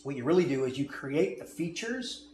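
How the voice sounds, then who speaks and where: A man's voice: on the high side, expressive, normal speed, darkish tone. A man coaching on sales, talking emphatically and often checking in with "okay?" and "right?". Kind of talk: instructional talk on selling. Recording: echoey room with faint noise.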